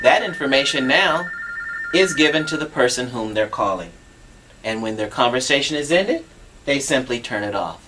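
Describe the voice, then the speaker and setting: A man's voice: mid-range voice, lively intonation, normal speed, background noise. A man demonstrating assistive telephone equipment on a TV show, patient and instructive, walking through each step.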